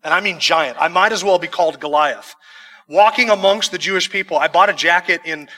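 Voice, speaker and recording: A man's voice: high voice, fairly quick, sharp tone, long reverb tail. A man preaching a sermon, reading scripture verses and then explaining them in conversational asides with some humor. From United States. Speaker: pastor.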